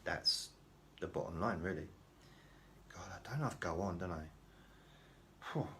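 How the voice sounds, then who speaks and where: A man with a low voice talks to camera in a loose, rambling monologue. He is self-deprecating and often stops to restart his sentences. A faint background hum sits under his voice. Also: normal speed, bright, forceful tone. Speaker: vlogger.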